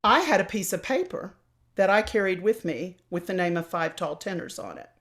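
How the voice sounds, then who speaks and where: An older woman with a warm Southern drawl tells stories about her career with lively, theatrical flair. She slips into the voices of the people she quotes. She is talking over a video call. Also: on the low side, moderate pace. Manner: animated storyteller, acts out quoted voices. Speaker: opera singer and voice teacher, guest.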